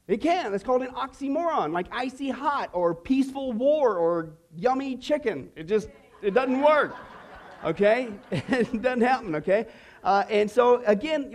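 A man with a high, bright voice leads a Bible class for a room of students. His delivery is playful and full of jokes, and he keeps tossing "okay?" and "right?" back at the class. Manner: playful, jokey, with frequent "okay?" asides to the class. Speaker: pastor teaching a discipleship class. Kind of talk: lively Bible class teaching.

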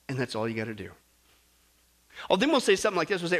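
Animated preacher guy, high and bright, jokey, voice jumps around a lot. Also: quick pace, pauses often. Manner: animated, jokey, acts out stories and swings between loud and soft. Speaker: pastor. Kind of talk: sermon.

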